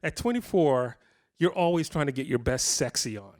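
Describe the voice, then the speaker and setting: With an expressive, darkish mid-pitch voice at a moderate pace, a man in his 50s tells casual stories to a live crowd. The setting is a guitar shop clinic room, and his tales wander, run self-deprecating and keep starting over.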